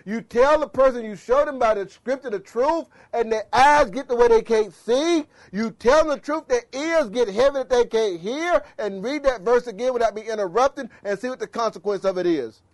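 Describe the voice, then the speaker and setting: A man preaching a sermon with passion, swinging between loud exhortation and low murmurs. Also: normal speed, few pauses.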